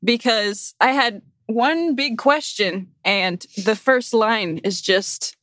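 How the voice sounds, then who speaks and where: A woman's voice: a little high, slow pace, fairly bright tone, no echo. Laid-back woman co-hosting a chat podcast. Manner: laid-back, laughs easily. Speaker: podcast co-host. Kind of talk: casual chat.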